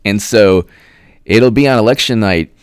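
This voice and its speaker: A low-voiced political commentary host chats casually on a livestream, rambling from one thought to the next and now and then stretching out viewers' names in a sing-song way. He speaks a little slowly, with a clear, resonant tone. The sound is dry and close, with no room or echo.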